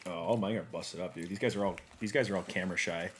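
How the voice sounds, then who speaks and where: A young man co-hosting a snack-tasting podcast, talking in an animated, playful way and quick to joke. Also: low-pitched, background noise. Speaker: podcast co-host. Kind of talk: casual snack-tasting chat.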